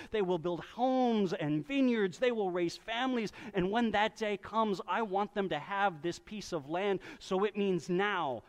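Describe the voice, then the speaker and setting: A man preaching a sermon, telling a story and briefly voicing the people in it. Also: sits high. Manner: storytelling, with quick voiced asides for people in the story. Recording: reverberant hall.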